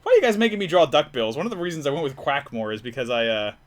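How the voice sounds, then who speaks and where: A man hosts a live stream, chatting casually and rambling as he draws, self-deprecating and constantly restarting his sentences. His voice is on the high side, sing-song, and racing.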